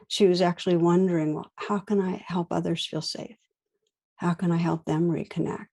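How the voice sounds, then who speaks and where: A woman meditation teacher giving a dharma talk, telling stories in a gentle, unhurried way with soft pauses. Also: fairly low pitch.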